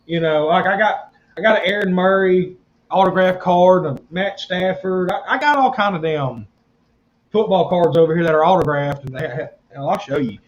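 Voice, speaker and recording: A man with a high voice tells rough, profanity-laced stories in loud bursts. The sound is muffled and a bit dull, as if coming over an online call, with a faint hiss behind him. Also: moderate pace. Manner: profane, rowdy storytelling. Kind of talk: casual chat.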